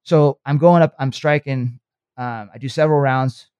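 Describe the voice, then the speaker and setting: A man talking earnestly on a podcast in a coaching way, often checking in with his listener with quick "okay" and "right" asides. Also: mid-range voice, a little mellow, clear, resonant tone, dry recording. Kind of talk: motivational podcast talk.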